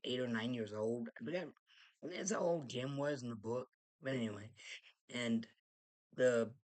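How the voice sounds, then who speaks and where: A man's voice: mid-range voice, creaky, rough recording. A man giving a casual spoken film review. He rambles, halts often and restarts his sentences. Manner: rambling, halting, many restarts. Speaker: movie reviewer.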